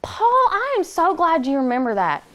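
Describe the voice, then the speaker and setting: A woman teaching a classroom phonics lesson, patient and encouraging, slowing down to model words for the children. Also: very high-pitched, huge pitch swings, fairly bright tone.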